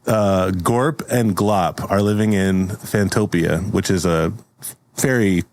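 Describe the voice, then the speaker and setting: A man's voice: sits low, slow, dry recording. Laughing, playful male podcast host. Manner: playful, laughs often, stumbles over words. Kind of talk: casual podcast chat and story recap.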